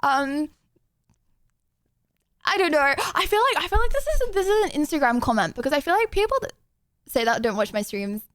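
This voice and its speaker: This casual stream chat comes from a young woman whose voice is high and bright; she's very animated and giggly, rambling with ums, restarts, and long pauses at a moderate pace. The desk microphone keeps things close and dry, without echo.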